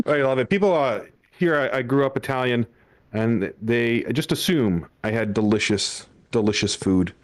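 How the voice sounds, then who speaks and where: A man's voice: mid-range voice, very animated, unhurried. A young man doing a stand-up comedy set on a club stage, telling family stories with acted-out quotes and frequent laughter.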